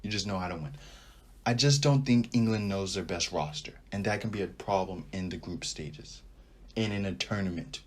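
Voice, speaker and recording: A man's voice: sits low, moderate pace, breathy edge. A young man hosting a casual sports podcast, giving opinionated takes and thinking aloud as he goes. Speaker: podcast host.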